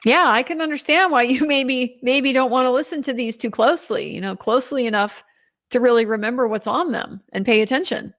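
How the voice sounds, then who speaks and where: A woman legal commentator recounting courtroom testimony in an animated retelling, quoting others in her own voice. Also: high-pitched, brisk.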